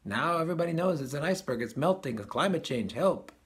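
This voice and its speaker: Male spiritual teacher, casual talk, slightly high voice, repeats phrases, chuckles often. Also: expressive, quick pace. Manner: repeats and restarts phrases, chuckles at his own points.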